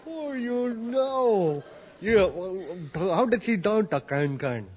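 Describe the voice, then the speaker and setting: A man playing a silly, excitable character who giggles and squeals, in 1950s-style radio comedy acting. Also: sits high, takes it slowly, in a large hall. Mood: giddy. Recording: hissy lo-fi old radio broadcast.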